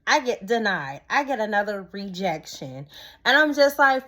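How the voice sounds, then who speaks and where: A young woman telling a personal story to her viewers in a casual, expressive vlog style. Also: mid-range voice, normal speed. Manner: expressive, talks straight to viewers as "y'all". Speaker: vlogger.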